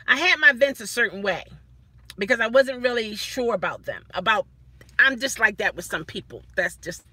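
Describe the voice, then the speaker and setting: Bright high-voiced woman vlogger. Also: no echo. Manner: animated, acts out quoted people. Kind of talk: casual storytelling.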